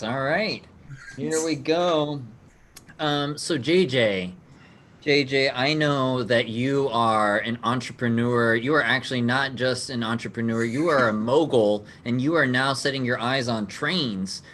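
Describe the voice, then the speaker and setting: A man's voice: mid-range voice, measured pace, a bit bright. A man hosting an online improv game over a video call, explaining the rules in an upbeat way and laughing often. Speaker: game show host.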